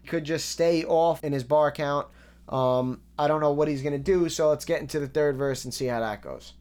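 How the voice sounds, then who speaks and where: Smooth-voiced man breaking down rap lyrics. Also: fairly high pitch, moderate pace. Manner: analytical, relaxed, with frequent fillers. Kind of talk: casual breakdown commentary.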